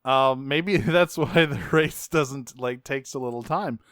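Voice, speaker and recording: A man co-hosts a podcast, recapping episodes in laid-back, joking talk. His voice is smooth and clear. The sound is dry and close. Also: mid-range voice, a little slow, a bit bright, dry recording. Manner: laid-back, swears, laughs often. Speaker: podcast co-host. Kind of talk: casual chat recapping a cartoon.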